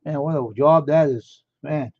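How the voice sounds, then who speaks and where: A man's voice: on the high side, measured pace, dry recording. A man chatting casually on a live stream, rambling and amazed, firing off one question after another. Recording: dull lo-fi dry sound.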